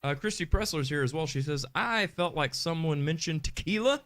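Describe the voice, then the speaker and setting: A man's voice: on the high side, lively intonation, fairly quick, fairly bright tone, soft background music. A man co-hosting a live podcast, chatting casually and reading viewer comments aloud in an upbeat way. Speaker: podcast co-host.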